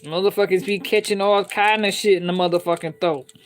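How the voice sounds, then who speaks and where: A woman's voice: lowish voice, fairly even intonation, brisk, a little hiss or hum. A woman hosting a live stream, talking bluntly and with heavy swearing, laughing often and reading out viewer comments. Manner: blunt, profane, laughs often, keeps checking in with listeners. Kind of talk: candid unscripted live-stream chat.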